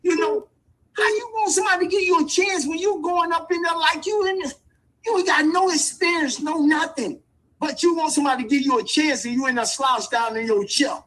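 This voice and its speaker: A man's voice: extremely high pitch, fairly quick, a bit bright, low-quality recording. A man talking in an impassioned, street-wise way, hammering his points with repetition like a lecture. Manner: emphatic and repetitive, preachy.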